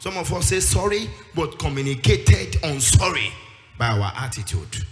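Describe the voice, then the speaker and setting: A man's voice: on the high side, big pitch swings, normal speed. A man preaching a sermon with emphasis, acting out the voices of the people he quotes and rising into a sing-song delivery. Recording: echoey hall with music behind.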